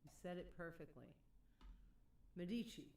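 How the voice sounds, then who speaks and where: A woman's voice: lowish voice, animated, unhurried, a little mellow, echoey room, distant mic, a little hiss or hum. A woman chatting casually on a live stream, reading chat messages aloud and laughing often.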